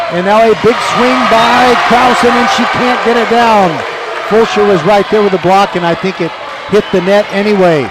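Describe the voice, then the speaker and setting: A man announcing a high school volleyball match play by play from a courtside table, chatty and quick to correct himself. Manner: excited, self-correcting, chatty. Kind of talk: live sports commentary. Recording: noisy gym with crowd. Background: crowd and ball bounces.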